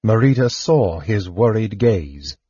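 A man narrating an audiobook in an even, measured reading. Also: on the low side, slightly rough, dry recording. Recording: dull, dry lo-fi recording.

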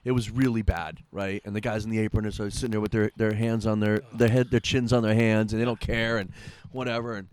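Profane, animated male podcast host. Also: fairly low pitch, fast, clean tone. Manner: profane, animated storyteller who laughs often. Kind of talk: casual chat, storytelling.

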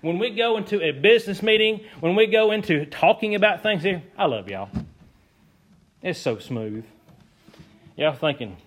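Preacher guy, pretty high voice, folksy sermon, keeps chuckling and repeating himself. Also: animated, normal speed, pauses often. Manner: folksy, laughing often, repeating key phrases. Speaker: pastor.

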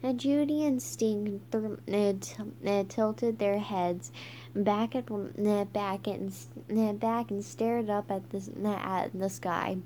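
Slow, halting woman reading aloud. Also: medium pitch, fairly even intonation, dark tone, a little hiss or hum. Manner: halting, many stumbles and restarts. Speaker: reader. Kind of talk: reading a children's book aloud.

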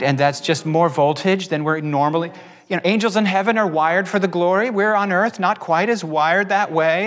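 Male preacher guest, higher voice, animated storyteller, long-reverb room. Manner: animated, acts out quotes, quick bursts. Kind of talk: storytelling testimony in conversation.

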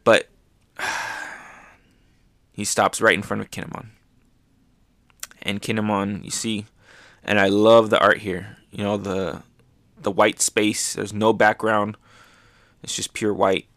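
A man hosting a show, casually recapping manga chapters with excitement, often dropping to a soft voice. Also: on the low side, slow, long pauses, no room sound, studio quality. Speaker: podcast host.

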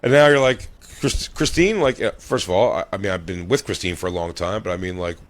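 A man's voice: sits low, fairly quick. A man in his forties telling a rambling, crude story in casual podcast chat, full of fillers and restarts. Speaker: podcast host.

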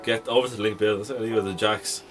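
A man's voice: fairly low pitch, steady tone, racing, music in the background. A young man with an Irish accent, telling a story in casual chat with lots of swearing and laughing at himself. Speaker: podcast co-host.

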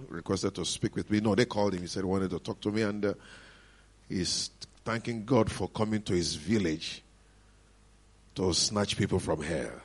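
A middle-aged man with a Nigerian accent, preaching and telling a testimony in an animated, joyful manner. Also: deep voice, breathy edge. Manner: animated storytelling with frequent laughs and hallelujahs. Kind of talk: sermon testimony.

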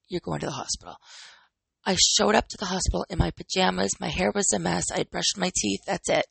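Woman in her 30s, podcast host and trainer; candid chatty monologue with rhetorical questions, slightly husky. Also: fairly low pitch, fairly even intonation, brisk, a bit bright, no echo, low-quality recording. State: recovering from illness.

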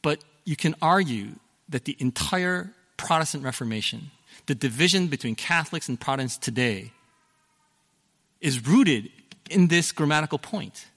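Middle-aged guy preaching, chatty and explaining, bright voice, lots of hall reverb. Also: a little high, expressive, normal speed, breathy edge. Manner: conversational, explanatory, with fillers and self-corrections. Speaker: pastor. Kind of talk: sermon.

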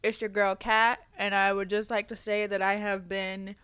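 A young woman co-hosts a casual podcast in a bubbly, giggly way. Her voice is bright and sharp, and the close mic keeps it dry with no room sound. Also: medium pitch, flat delivery, moderate pace, clean tone, no room sound. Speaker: podcast co-host. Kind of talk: casual chat.

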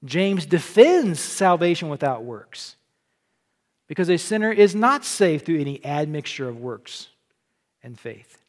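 A man's voice: a little high, a little slow. A middle-aged man from Illinois preaching a sermon in a church, telling stories with jokes and frequent restarts. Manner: folksy, joking, animated storytelling with repeated restarts. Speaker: pastor.

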